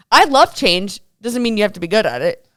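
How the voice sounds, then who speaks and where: A young woman co-hosts a casual live stream, speaking in a smooth, resonant voice over a dry, close sound. She tells stories with animation and slips into the voices of the people she quotes. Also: mid-range voice, a little slow, dry recording. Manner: animated storyteller acting out quoted dialogue. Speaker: co-host. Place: hotel room.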